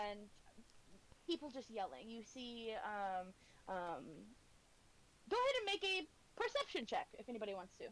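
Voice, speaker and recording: A woman's voice: mid-range voice, big pitch swings, unhurried, low-quality recording. A woman narrating a tabletop game as game master, hesitant and giggly with many fillers.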